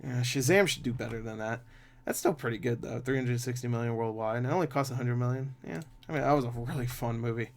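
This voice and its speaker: A man's voice: mid-range voice, fast talker. A man chatting casually about box office numbers as a movie reviewer, swearing freely and laughing often.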